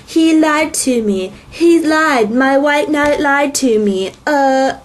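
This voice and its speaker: A bitter, theatrical young woman who makes everything about herself, as a woman parodies her. The voice is fairly high and sarcastically overplayed. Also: takes it slowly. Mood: scornful. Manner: sarcastic mocking imitation. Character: dramatic self-absorbed young woman, bitter.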